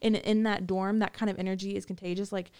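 A woman's voice: mid-range voice, level tone, fast talker, darkish tone, clear, resonant tone. A woman rambling through stories of her time in prison, in a casual interview. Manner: rambling, many fillers and restarts. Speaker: guest recounting prison time. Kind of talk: casual storytelling.

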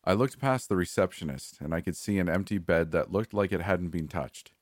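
A man with a very deep, low voice reads a horror story at a steady, measured pace. The sound is dry and close, with no room echo. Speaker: narrator. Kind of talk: scripted horror narration.

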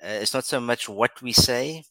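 A man's voice: mid-range voice, moderate pace, bright, forceful tone, no echo, rough recording. A man co-hosting an English lesson podcast, encouraging and praising often, with many uh fillers. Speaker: podcast co-host.

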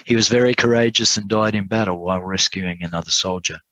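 A man preaching, telling an illustration story in an earnest way and slowing down for emphasis. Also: lowish voice, fairly bright tone, no room sound, low-quality recording. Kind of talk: sermon storytelling.

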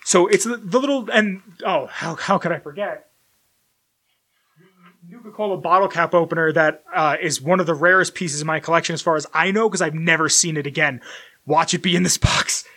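A young man talking on a slightly high voice, rambling through an unboxing at home. He wanders off on tangents, jokes at his own expense, and now and then jumps sharply up in pitch when something excites him. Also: brisk. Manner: rambling, self-deprecating, bursts of loud excitement. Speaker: collector unboxing merchandise. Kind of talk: casual unboxing vlog. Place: home room with collectibles shelf.

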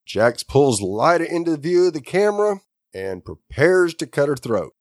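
A man on a podcast chatting casually, summarizing an episode's plot in a steady way. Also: fairly high pitch, moderate pace, no room sound, studio quality. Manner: steady plot summary with short agreeing replies. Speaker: podcast co-host recapping an episode. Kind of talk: casual chat.

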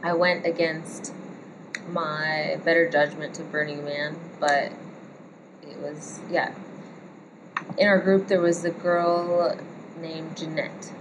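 A woman in her thirties, a tattoo artist, telling a story in a relaxed, chatty way. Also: sits low, slow pace, long pauses, background noise. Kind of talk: casual storytelling chat.

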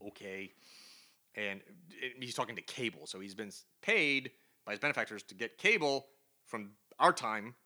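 A man co-hosts a podcast, chatting casually about comic books and reading their dialogue out loud amid lots of laughter. His voice is lowish with a sharp tone, at a moderate pace.

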